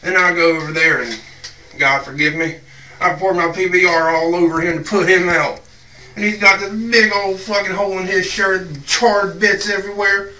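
A crude, rowdy working-class storyteller, played by a man, who rambles and curses his way through a tall tale. His voice is a touch high and extremely sharp and forceful. He sounds set back from the mic in an echoey room. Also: fairly even intonation, normal speed, far from the mic. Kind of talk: comedic monologue.

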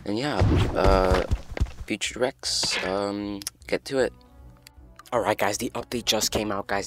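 A man hosting a casual game news update, talking excitably and rambling, often restarting his sentences. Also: lowish voice, a little slow, soft background music. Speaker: gaming news host.

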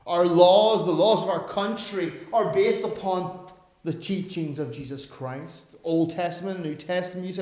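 Male pastor, slightly high voice, emphatic delivery with wry asides, recorded in a reverberant church. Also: measured pace, darkish tone. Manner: emphatic, with self-aware asides. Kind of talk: sermon. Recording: roomy church echo.

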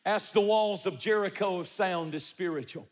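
A man's voice: high-pitched, moderate pace, long reverb tail. A man preaching a sermon as pastor, building emphatic, repetitive rhythms.

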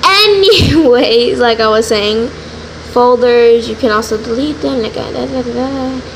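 A woman's voice: a little high, a little slow. Giggly young woman, noisy phone audio. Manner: giggly, rambling, self-interrupting. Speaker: vlogger. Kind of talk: casual drawing tutorial.

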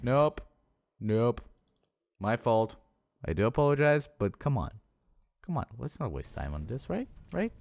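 A man's voice: medium pitch, big pitch swings, unhurried, gravelly, long pauses, darkish tone, no room sound. Profane young man trash-talking a game. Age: young adult. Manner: profane, trash-talks his own game units. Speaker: gaming channel host. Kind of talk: let's play commentary.

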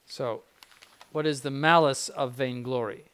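A man's voice: medium pitch, fairly even intonation, a little slow, fairly bright tone, clean tone. An older man, a bishop, giving an informal spiritual conference in a blunt, conversational way with frequent asides.

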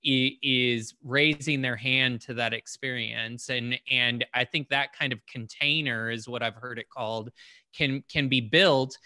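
A man's voice: medium pitch, fairly even intonation, a little slow, pushed and bright, dry recording, clean studio sound. A man hosting an interview, reflecting back and summing up his guest's points. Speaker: podcast host. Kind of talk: conversational interview.

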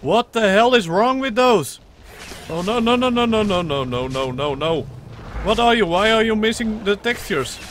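A young man with a high, light voice commentates his gameplay at the desk, excitable and chattering, stacking up repeated words and breaking into laughs. He plays along as the mother creature he controls, half joking. A steady noisy hiss sits under his voice. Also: normal speed. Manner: playfully role-plays as the mother creature in the game. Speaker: gaming channel host. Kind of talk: let's play commentary.

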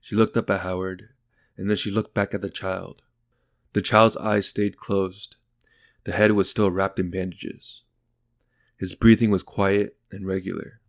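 A man reading a short story aloud in calm, unhurried scripted narration. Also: low-pitched. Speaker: audiobook narrator.

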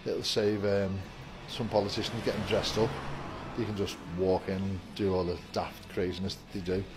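In a low-pitched, flat voice at normal speed, a vape shop worker rambles cheerfully to the camera, greeting viewers in a casual vlog. The background is noisy, with faint shop music, and the door is open.

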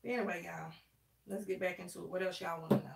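A woman's voice: lowish voice, steady tone, fast, gravelly. Chatty woman livestreaming in an echoey room. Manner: chatty, addresses viewers as y'all, dialect grammar. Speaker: livestream host. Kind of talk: casual live chat while doing her hair. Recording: echoey room, mic at a distance.

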